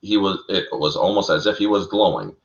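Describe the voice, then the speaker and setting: Low-voiced man recounting lore animatedly. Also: fairly quick. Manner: animated, addresses listeners as folks, laughs at own slips. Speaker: co-host of a fan lore talk show. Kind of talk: casual lore discussion. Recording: roomy, dull lo-fi sound.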